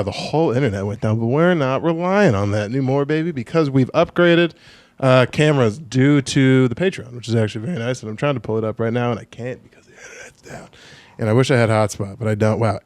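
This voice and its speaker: A young man hosting a podcast in casual chat, joking, animated and swearing freely. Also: medium pitch, a little fast, dry recording. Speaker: podcast host. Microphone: studio podcast mic.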